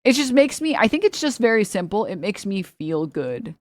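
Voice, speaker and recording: A woman's voice: mid-range voice, big pitch swings, normal speed, no echo. Woman streamer, casual chat with viewers, blunt, swears a lot, laughs often, dry close sound. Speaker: livestreamer.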